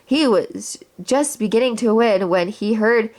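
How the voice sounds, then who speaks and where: A woman reading a children's storybook aloud in a clear, steady storytelling way. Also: fairly high pitch, measured pace.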